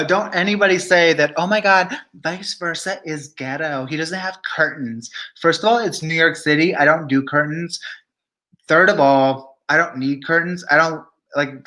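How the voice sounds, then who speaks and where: Sassy, bright-voiced man vlogging. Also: on the high side. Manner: sassy, chatty, talks to live chat. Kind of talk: casual gossip commentary.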